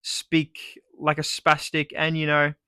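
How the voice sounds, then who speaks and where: A man's voice: fairly high pitch, completely flat delivery, slow, sharp tone, clear, resonant tone, no echo, clean studio sound. A young man with an Australian accent delivering a sarcastic, sweary comedic rant. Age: young adult. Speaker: vlogger.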